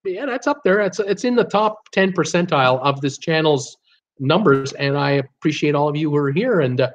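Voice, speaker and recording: A man's voice: fairly high pitch, animated, normal speed, muffled recording, a little hiss or hum. A man hosting a casual livestream, chatting and reading out viewer comments while stumbling over names. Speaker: livestream host.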